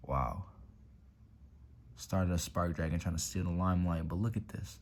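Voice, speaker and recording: Deep-voiced laid-back man showing off cards. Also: steady tone, moderate pace, pauses often, darkish tone, slight background noise. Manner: laid-back slangy talk, swears, drops to whispers over cards. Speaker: YouTube card-collection host. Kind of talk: casual collection showcase vlog. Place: room at home by a window.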